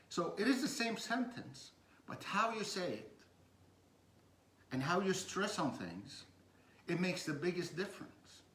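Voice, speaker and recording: Male coach, slow halting delivery with many fillers, reverberant room. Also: fairly high pitch, fairly bright tone. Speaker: communication coach. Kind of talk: informal teaching talk. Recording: echoey room.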